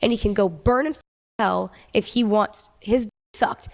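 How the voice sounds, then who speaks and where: A woman's voice: medium pitch, moderate pace, vocal fry. A woman hosting an interview, reacting with blunt, profane outbursts. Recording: long reverb.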